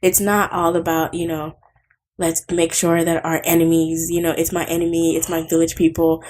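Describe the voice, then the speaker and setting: Emphatic low-voiced woman, therapist guest. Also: little pitch movement, normal speed, a little mellow. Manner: emphatic, preachy, many "you know"s. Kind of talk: casual conversation.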